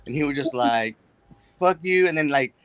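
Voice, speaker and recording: A man's voice: medium pitch, fast, a bit bright, no echo. Heated, swearing man telling a story. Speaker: guest on a livestream. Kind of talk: casual chat.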